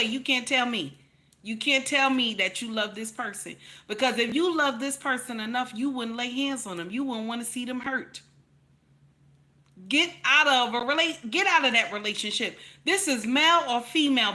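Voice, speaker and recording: A woman's voice: fairly high pitch, moderate pace. A woman giving blunt, profane opinion commentary to camera, preaching and repeating her points for emphasis, often calling listeners "baby". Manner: repeats points for emphasis, rising to loud outbursts. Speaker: commentary channel host.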